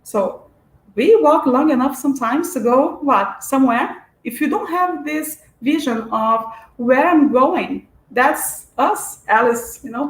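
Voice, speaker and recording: A woman giving a spiritual lecture in an earnest, searching way, with frequent restarts and fillers. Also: on the high side. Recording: echoey room.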